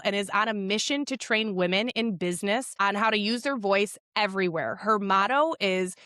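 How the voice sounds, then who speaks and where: Energetic, profane woman podcast host. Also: mid-range voice, dry recording, studio quality. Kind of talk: enthusiastic podcast interview.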